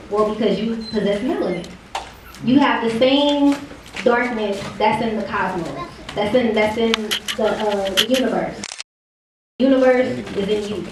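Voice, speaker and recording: A woman preaching to an audience in an emphatic, declaring manner. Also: on the high side. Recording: very echoey room from far off, noisy.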